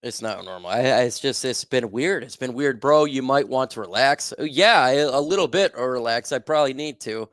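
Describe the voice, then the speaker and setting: A young man chats casually on a sports livestream, reading out viewer comments and riffing on them with plenty of ums and restarts. His voice sits at an ordinary middle pitch. The sound is dry and close, with no room echo. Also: moderate pace, few pauses, fairly bright tone. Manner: reads viewer comments aloud and reacts, loose and filler-heavy. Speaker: livestream host.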